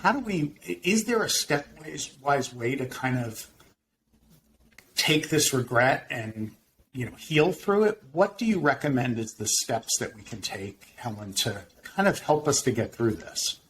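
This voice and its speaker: Soft-spoken guy hosting a podcast, lots of mm-hmms, slight hiss behind him. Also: medium pitch, lively intonation, measured pace, rough recording. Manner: reflective, gentle, many affirming murmurs. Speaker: podcast host. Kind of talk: podcast interview.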